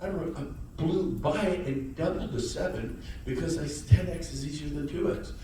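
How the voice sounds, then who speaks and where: A man giving a high-energy motivational talk about real estate to a live audience, shouting and teasing the crowd. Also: normal speed, noisy background. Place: large hall with audience. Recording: echoey hall, mic far off.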